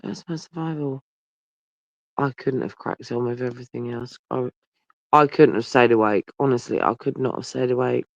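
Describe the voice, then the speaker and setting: A man's voice: mid-range voice, moderate pace, gravelly, no echo. A man, chatting casually and tiredly to viewers on a livestream, rambling and swearing, holding the phone very close. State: tired and yawning. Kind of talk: casual live chat with viewers. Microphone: phone held very close. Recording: dull, lo-fi, dry phone audio.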